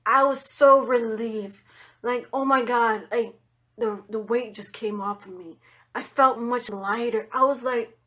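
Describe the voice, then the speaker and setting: A woman with a high voice tells a personal story off the cuff, rambling and full of "like" and "you know". She is blunt and swears freely. Her phrases often sink into a quiet mutter at the end. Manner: drops to low murmurs at the end of phrases. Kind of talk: casual storytime monologue.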